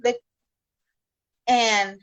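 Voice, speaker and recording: A woman's voice: on the high side, fairly even intonation, drawn-out words, a bit bright, clean tone, dry recording, poor audio. A woman from Chicago on a livestream, talking with heartfelt, rambling thanks to her viewers and peppering her talk with "you know". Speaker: livestream host.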